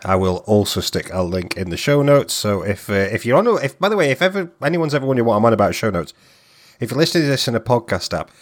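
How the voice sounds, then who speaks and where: A man's voice: lowish voice, sing-song, fast talker. A man hosting a casual podcast, friendly and rambling as he runs the segments. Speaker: podcast host.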